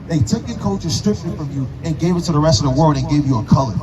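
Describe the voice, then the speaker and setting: A man's voice: on the high side, animated, fast. A man preaching on a street corner, firing rhetorical questions with emphatic force. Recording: crowd noise around.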